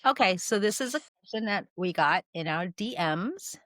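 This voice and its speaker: A woman's voice: medium pitch, normal speed, no echo, clean studio sound. A woman co-hosting a podcast, telling stories in casual chat and acting out the people she quotes. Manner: animated storyteller, acts out quoted voices. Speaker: podcast co-host.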